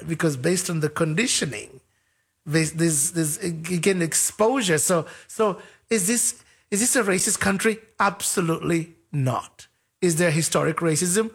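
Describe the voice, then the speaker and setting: Animated husky-voiced man telling stories. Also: fairly high pitch, moderate pace. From Africa. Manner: animated, acts out quoted voices, repeats words. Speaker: interview guest. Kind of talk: conversational storytelling.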